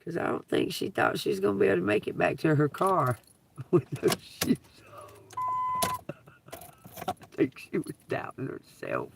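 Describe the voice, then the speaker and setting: A woman telling profane, laughing stories on a casual livestream, breaking into loud outbursts. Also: lowish voice, huge pitch swings, moderate pace, gravelly, pauses often, recorded from a distance, background noise. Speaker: livestream host. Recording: dry, from away from the mic.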